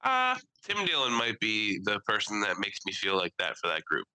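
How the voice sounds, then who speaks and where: Animated guy telling stories on a podcast. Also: fairly low pitch, moderate pace, clean tone, dry recording, rough recording. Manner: animated storyteller, slips into exaggerated impressions. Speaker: podcast co-host. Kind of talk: casual podcast chat.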